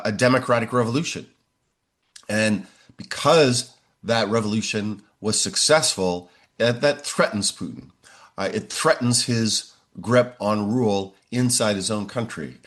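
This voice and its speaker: A man in his sixties, a professor answering interview questions in a measured way, often pausing on "uh". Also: lowish voice, fairly bright tone. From United States. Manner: measured, frequent "uh" fillers.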